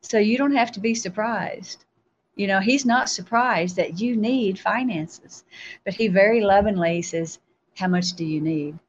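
Animated woman telling a testimony. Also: medium pitch, unhurried, dull audio, slight background noise. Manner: animated storytelling, acting out her own replies with laughs. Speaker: guest.

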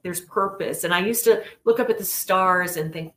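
Middle-aged woman, lowish voice, earnest storyteller, echoey room. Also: moderate pace, hardly any pauses, a little hiss or hum. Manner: earnest, animated storyteller acting out quotes. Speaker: interview guest. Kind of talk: casual interview storytelling. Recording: roomy echo.

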